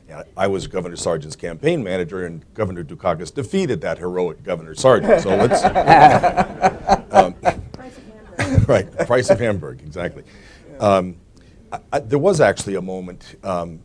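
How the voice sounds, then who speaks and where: A man's voice: sits low, a little mellow, slight background noise. A man on a forum panel recalling his early work, wry and self-correcting.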